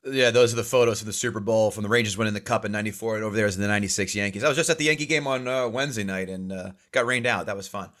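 A man from the New area, hosting a casual podcast chat over a video call, animated and profane. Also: on the low side, rapid-fire, few pauses. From New York area. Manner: animated, profane, mimics accents in quotes. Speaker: podcast host.

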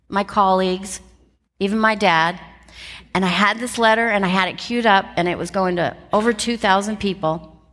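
A middle-aged woman giving a motivational talk, telling her story with lots of laughter and shifting pace. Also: medium pitch. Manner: animated, laughs often, shifts pace for emphasis. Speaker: motivational speaker. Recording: long reverb from a large hall.

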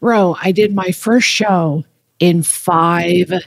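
A woman comedian chatting as a podcast guest, telling stories in a quick, wry, animated way, with a slightly scratchy voice. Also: on the low side, gravelly. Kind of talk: casual chat.

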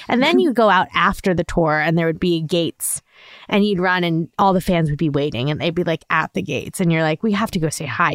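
A woman in her thirties with a lowish voice chats as a podcast co-host, animated and full of "like" fillers. The sound is dry and close, with no room around it. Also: no room sound. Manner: animated storyteller, fills with "like". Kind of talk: casual chat.

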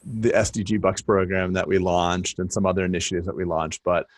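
Brief: very low-pitched male co-host in his thirties, earnest and reflective, dry close recording. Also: level tone, a little fast, dry recording. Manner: thoughtful, earnest, a little wordy. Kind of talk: casual conversation.

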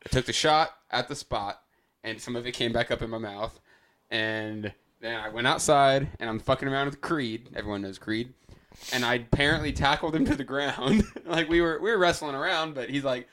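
A young man co-hosting a casual beer-tasting chat, telling stories loosely and laughing, jumping into loud voices when he quotes himself. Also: medium pitch, normal speed. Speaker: podcast co-host.

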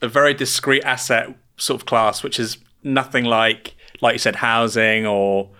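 Man asking calm, probing interview questions. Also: mid-range voice, measured pace, clean tone. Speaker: interviewer, host.

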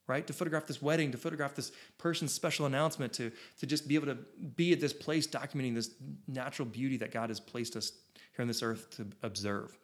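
This is a man in his thirties with an ordinary mid-range voice. He tells a personal story to an audience in an animated, excitable way, tripping over restarts and leaning on "like" as he goes. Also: mid-range voice, fast talker. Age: 30s. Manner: excitable, with rambling restarts and lots of "like". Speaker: photographer telling his story.

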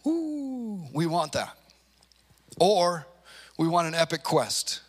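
A man preaching a conversational sermon, telling stories in an animated way and acting out the quotes. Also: a little high, takes it slowly. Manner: animated storytelling, acts out quotes.

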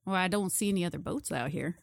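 A laid-back, middle-aged uncle with a hesitant drawl and a dry, wry manner, played by a woman. He pauses often and seems unbothered by anything. The voice is close and dry, with no room echo. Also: on the low side, creaky. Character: easygoing middle-aged smoking uncle from Texas.

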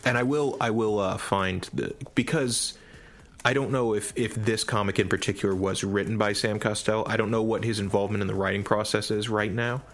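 Casting: male podcast co-host, low voice, relaxed and chatty, an animated storyteller. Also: brisk. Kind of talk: casual podcast chat.

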